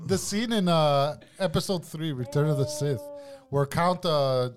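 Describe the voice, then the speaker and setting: An excitable man in casual podcast banter, pushing wild theories and saying bro a lot. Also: fairly high pitch, a little slow. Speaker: podcast co-host.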